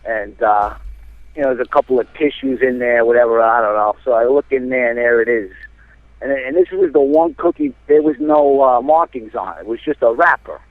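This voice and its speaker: A man from New Jersey, calling in and telling a rambling, animated story with lots of fillers. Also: medium pitch, a little fast, dry recording. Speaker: caller. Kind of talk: casual storytelling. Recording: tinny phone line.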